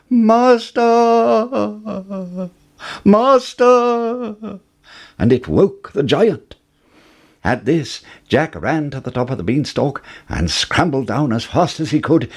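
A man reading a fairy tale aloud as a storyteller, with expressive rises and falls. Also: husky. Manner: expressive, with wide swings in pitch.

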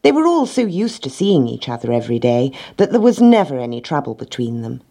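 A woman reading a children's storybook aloud in a gentle, measured way. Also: extremely low pitch, very animated, creaky.

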